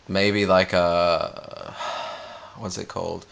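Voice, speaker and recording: A man's voice: deep voice, fairly even intonation, takes it slowly, gravelly, fairly bright tone. A young Australian man casually rambling through video challenge questions with offhand, dry humor. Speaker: vlogger.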